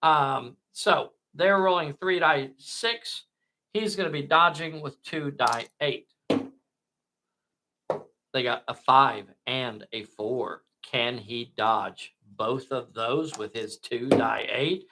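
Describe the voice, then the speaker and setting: A man whose first language is not English, narrating a tabletop miniatures game with slow, dramatic play-by-play. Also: medium pitch, noisy background.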